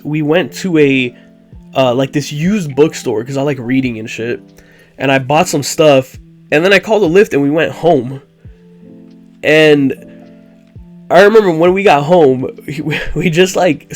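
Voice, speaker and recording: A young man recounts a story in a loose, rambling vlog style, leaning on "like" between phrases. His voice sits a little high for a man. Soft guitar music plays faintly underneath. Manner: rambling, frequent "like" fillers. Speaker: vlogger. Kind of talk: casual storytelling.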